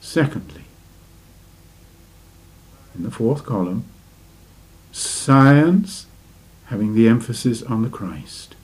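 A man teaches a spiritual lesson at a very unhurried pace, dwelling on each phrase. His voice sits in an ordinary middle range. He keeps turning to his listeners with gentle rhetorical questions. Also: medium pitch, lively intonation. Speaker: religious teacher. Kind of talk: slow spiritual lecture.

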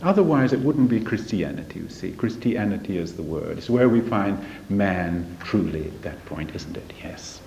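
A man teaching from a spiritual text in a deliberate, emphatic lecture, often asking rhetorical questions. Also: low voice, animated, vocal fry, darkish tone, slight background noise. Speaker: religious study teacher. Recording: dull lo-fi recording.

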